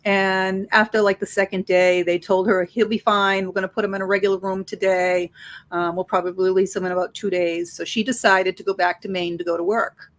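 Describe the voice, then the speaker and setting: A woman, a psychic medium, talking as an interview guest and telling stories with lively acted-out dialogue. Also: medium pitch, brisk. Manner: animated, acts out dialogue in her stories. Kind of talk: conversational interview storytelling.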